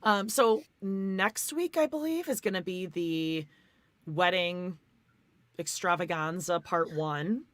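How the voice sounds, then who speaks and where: A woman's voice: lowish voice, takes it slowly, a bit bright, no echo. A woman co-hosting a casual recap podcast, giving dry, blunt reactions. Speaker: podcast co-host.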